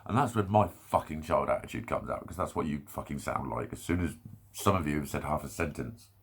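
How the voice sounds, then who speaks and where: Gravelly low-voiced man ranting. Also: animated, fairly quick, a little hiss or hum. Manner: rambling, swearing, self-interrupting. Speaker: vlogger. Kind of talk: candid solo rant to camera.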